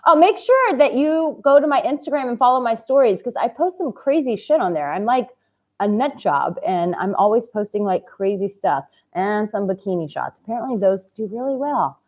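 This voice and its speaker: A woman's voice: fairly high pitch, lively intonation, normal speed. Effusive woman coach, dull lo-fi sound. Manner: effusive, swings from hushed tenderness to loud exuberant outbursts, swears casually. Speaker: dating coach. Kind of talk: heartfelt motivational vlog talk.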